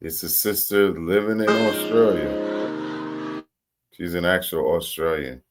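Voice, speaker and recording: Male reaction host, very deep voice, jokey, cuts in to comment, talks straight to viewers. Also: slow pace, music in the background. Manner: jokey, interjecting, addresses viewers.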